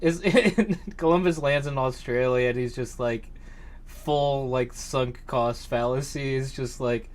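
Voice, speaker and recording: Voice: medium pitch, slow. A podcast co-host in casual chat, easygoing and often laughing.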